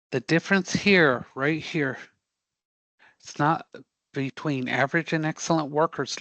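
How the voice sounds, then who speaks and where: A man teaching a live career prep class, animated and joking as he quizzes the students. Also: mid-range voice, dry recording. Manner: animated, joking, audience-engaging.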